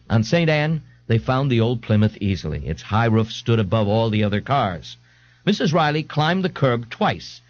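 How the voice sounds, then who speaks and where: A man reads an audiobook with a theatrical, expressive delivery, his pitch rising and falling freely. The sound is dry and close, but dull and lo-fi like an old tape. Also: no echo. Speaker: audiobook narrator. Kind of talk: scripted audiobook narration.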